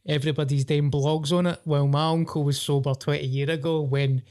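A man's voice: on the high side, level tone, fairly quick, darkish tone. Sweary Scottish man telling stories. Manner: sweary, storytelling. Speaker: podcast host. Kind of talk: casual chat.

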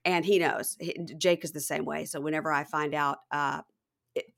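A woman chatting as a podcast guest, telling stories with quick asides. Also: low-pitched, steady tone, vocal fry, a bit bright. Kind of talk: casual podcast chat.

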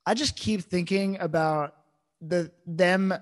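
A man in a casual chat about a film, excitable and gushing, often acting out quotes from scenes. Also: sits high, takes it slowly. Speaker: film discussion co-host.

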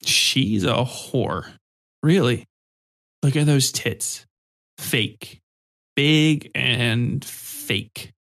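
Man doing a slow, slurring drunk office creep. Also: mid-range voice, fairly even intonation, lightly acted. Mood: drunken leering. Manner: slow, sloppy, drunken muttering. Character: drunk, crude, leering male office programmer.

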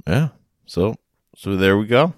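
A man co-hosting a podcast, chatting casually and making absurd deadpan jokes. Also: fairly low pitch, unhurried, dry recording, clean studio sound. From United States. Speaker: podcast co-host. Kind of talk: casual chat.

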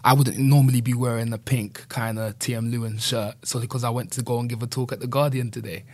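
A man's voice: mid-range voice, little pitch movement, fast talker, dry recording. A man speaking earnestly and candidly as an interview guest, often adding "you know". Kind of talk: reflective conversational interview.

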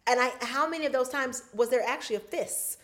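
A woman with a fairly high voice co-hosts a relaxed chat. She teases her co-host and slips into playful bits, but stays conversational. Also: fast. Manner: playful, teasing banter. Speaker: podcast co-host. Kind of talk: casual chat.

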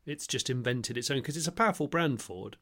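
A man, co-hosting a comic chat, explaining things slowly with a deadpan touch. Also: medium pitch. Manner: drawn-out, deadpan explaining, laughs often. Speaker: podcast co-host. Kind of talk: casual comedic chat.

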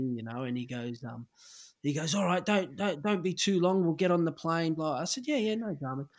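A middle-aged Australian man, a former footballer, casually telling an anecdote and acting out the lines of the people in it. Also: medium pitch. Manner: animated anecdote-telling, acts out quoted lines. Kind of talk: casual storytelling.

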